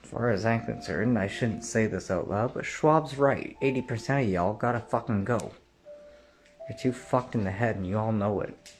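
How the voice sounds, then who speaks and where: A man delivering an angry, profane rant straight to the listener, often clearing his throat and rising to shouts. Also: on the low side, normal speed. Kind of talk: angry direct-to-camera rant.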